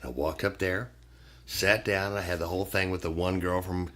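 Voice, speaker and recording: A man's voice: low voice, brisk. A middle-aged man, a podcast guest, telling stories in casual chat and acting out the people in them. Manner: animated storyteller, acts out quoted voices, swears freely.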